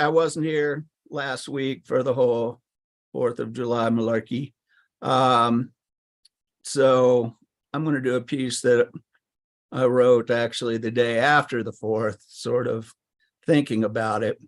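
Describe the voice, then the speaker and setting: A man on a video call, a poet introducing his piece in a relaxed, friendly way. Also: medium pitch. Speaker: poet performer. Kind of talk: casual intro before a poem.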